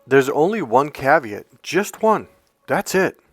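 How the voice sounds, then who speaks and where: A man coaching other men on dating and pitching his course, emphatic and profane, with frequent restarts. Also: sing-song, takes it slowly, fairly bright tone, soft background music. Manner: emphatic, profane, with lots of restarts and acted-out quotes.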